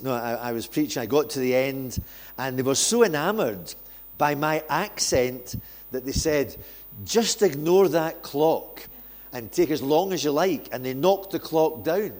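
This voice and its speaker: Male guest preacher, playful and self-mocking, warm-up jokes into prayer. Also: mid-range voice. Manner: jokey, self-deprecating storyteller. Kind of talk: sermon with humorous anecdotes. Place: church.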